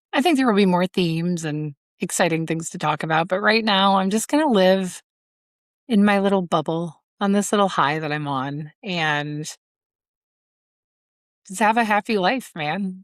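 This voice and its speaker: A woman's voice: on the low side, lively intonation, unhurried, no room sound, clean studio sound. A middle-aged woman hosting a casual solo podcast, candid and self-mocking, swearing freely and laughing often. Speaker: podcast host.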